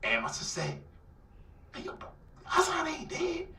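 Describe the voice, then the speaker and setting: A man with an Atlanta accent telling a dramatic personal story in an interview, acting out the voices and swinging between loud outbursts and near-whispers. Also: very high voice, wildly swooping pitch, moderate pace. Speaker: guest telling his life story. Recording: roomy, somewhat distant mic.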